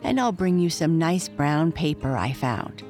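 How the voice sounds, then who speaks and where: A woman's voice: low voice, big pitch swings, a little slow, a little mellow, soft background music. A woman voicing a kind young female goat in a storybook reading, sympathetic and fussing.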